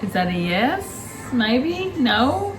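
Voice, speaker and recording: A woman hosting a home cooking vlog. She chats warmly and directly to her viewers and raves about the food. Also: fairly high pitch, very animated, very slow, background noise. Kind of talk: casual cooking vlog chat. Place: home kitchen.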